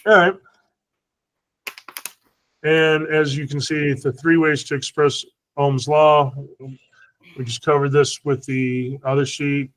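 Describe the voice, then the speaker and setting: Slow, patient male teacher. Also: a little high, flat delivery, low-quality recording. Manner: patient, checks for understanding. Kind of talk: online class instruction.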